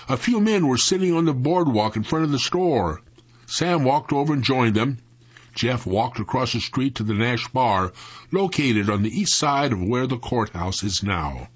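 Husky man narrating an audiobook. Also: medium pitch. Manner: expressive, lilting storytelling. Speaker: reader for a radio reading service. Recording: dull lo-fi radio recording.

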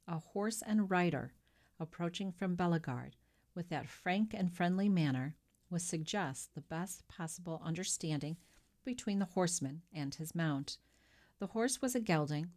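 A woman with a lowish voice reads a classic novel as an audiobook, telling the story in a measured, expressive way.

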